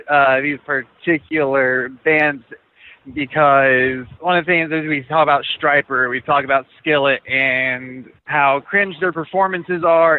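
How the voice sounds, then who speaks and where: A man calling in to a talk show, enthusiastic and rambling, speaking quickly. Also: fairly high pitch. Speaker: caller. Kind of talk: phone call to a talk show. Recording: tinny phone line.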